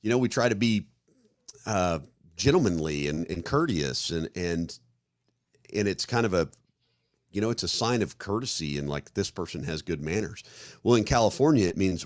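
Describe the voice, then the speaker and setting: A man from the American Midwest talks in a very low voice, recorded close and dry. He co-hosts a podcast in a loose, casual way, restarting sentences and acting out little scenes as he goes. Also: lively intonation, moderate pace, no echo. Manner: rambling, restarts often, acts out example scenarios. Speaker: podcast co-host. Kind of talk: casual conversational discussion.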